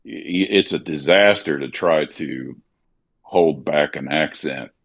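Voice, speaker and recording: Deep-voiced man with a slight Missouri twang. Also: slow pace, gravelly. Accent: Missouri, slightly Southern. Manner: relaxed, musing, many fillers and restarts. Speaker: actor and voiceover artist. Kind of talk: casual chat during a gaming stream.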